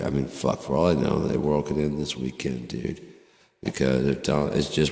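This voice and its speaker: A very deep, gravelly man rambles through a profane, sardonic vlog monologue. His words ring out in a room with a long, echoing tail. He jumps between topics and swears freely. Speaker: vlogger. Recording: echoey room with long reverb.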